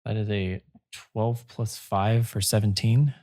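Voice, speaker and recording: Slow, halting man running a tabletop game. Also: fairly low pitch, level tone, dark tone, no echo, clean studio sound. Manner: slow, halting narration with many fillers. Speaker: game master.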